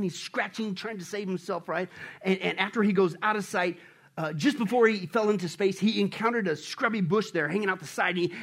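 A man preaching a sermon with great energy, swinging from shouts down to low murmurs. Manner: acts out voices in a joke. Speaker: pastor.

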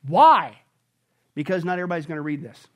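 A male pastor preaching a sermon emphatically, often checking in with the congregation and swinging between loud exclamations and quiet, intense stretches. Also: sits high, animated, a little fast. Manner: repeats "okay?" and "contextually". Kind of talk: expository sermon.

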